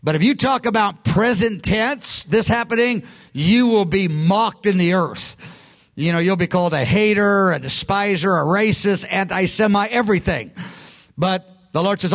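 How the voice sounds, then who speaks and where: High-voiced male preacher, conversational. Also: normal speed, a bit bright. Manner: conversational, emphatic, self-interrupting. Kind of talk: sermon teaching.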